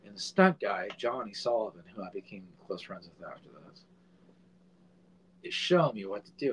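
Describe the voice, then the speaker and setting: A man in his forties, a filmmaker guest, telling a casual anecdote in an animated way and swearing freely. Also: fairly low pitch, normal speed, a little hiss or hum, rough recording.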